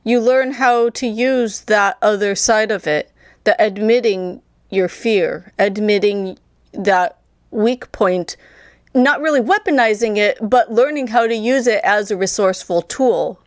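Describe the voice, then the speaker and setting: A woman co-hosting a podcast, speaking at a middle pitch in a calm, considered way. She lays out her thoughts carefully, one step at a time. Her voice sounds dry and close, with no room echo. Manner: measured, reflective, builds ideas step by step. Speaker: podcast co-host. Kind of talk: casual chat.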